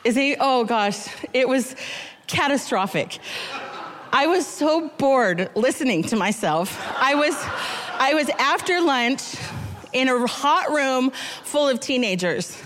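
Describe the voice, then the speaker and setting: A woman in her thirties giving a storytelling sermon, chatty and self-deprecating, slowing down to read scripture. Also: sits high, animated, fairly bright tone, big-room sound. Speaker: guest speaker.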